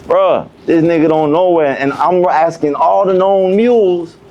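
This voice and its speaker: A man's voice: a little high, a little slow, dull audio. A young man guesting on a podcast, telling a prison story in heavy street slang and acting out the other people's lines. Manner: profane street slang, acts out quoted voices. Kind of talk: animated storytelling.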